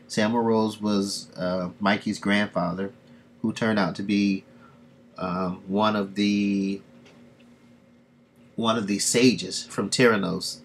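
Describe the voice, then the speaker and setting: A man reading comics on a live stream, summarizing the plot in a loose, rambling way full of fillers. His voice sits low. A faint hiss of noise runs underneath. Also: steady tone, slow pace, long pauses. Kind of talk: casual live-stream commentary.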